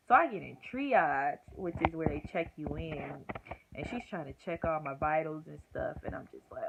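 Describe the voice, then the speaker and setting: A woman's voice: deep voice, expressive, fairly quick. A young woman vlogger telling a story casually and acting out the quotes with groans and whispers. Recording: tinny phone-like audio with faint hiss.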